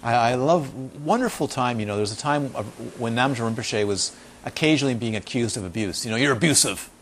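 This man's medium-pitched voice moves briskly as he gives an informal dharma talk, a meditation teacher spinning animated tales, repeating things emphatically, and voicing the people he quotes. Faint hiss or hum is audible.

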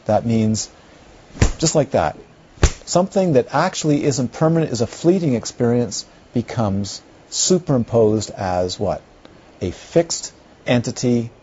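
A man's voice: mid-range voice, mellow, husky. A middle-aged man teaching a class on Buddhist philosophy in a rambling, conversational way, often checking whether his listeners follow. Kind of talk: lecture to a class. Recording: dull lo-fi recording.

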